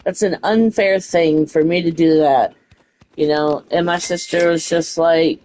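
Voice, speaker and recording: A woman's voice: lowish voice, fairly even intonation, a little slow, a little mellow, a little hiss or hum, poor audio. Young woman venting, swearing freely. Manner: frustrated, swears freely, lots of "you know". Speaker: streamer. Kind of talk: casual venting story.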